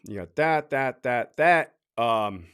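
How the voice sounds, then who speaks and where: A man's voice: medium pitch, animated, takes it slowly, a bit bright, clear, resonant tone. A man who used to be a correctional officer, giving blunt, profane advice in a casual talk and ending many points with "right?".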